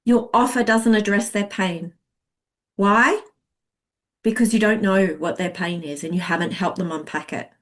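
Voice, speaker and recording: A woman sales coach teaching a masterclass in an expressive, chatty way, acting out what clients think. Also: medium pitch, moderate pace.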